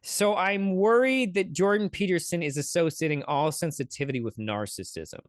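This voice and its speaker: A man's voice: fairly high pitch, normal speed, no room sound, studio quality. A man hosting a podcast, giving sarcastic, swear-filled commentary on clips he plays. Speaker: podcast host. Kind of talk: casual commentary reacting to clips.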